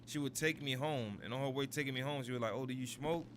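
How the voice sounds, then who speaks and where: A man in his thirties with a medium-pitched, slightly bright voice tells a long, meandering story at a quick pace while streaming a game, constantly checking "you feel me." There's a little hiss or hum on the recording.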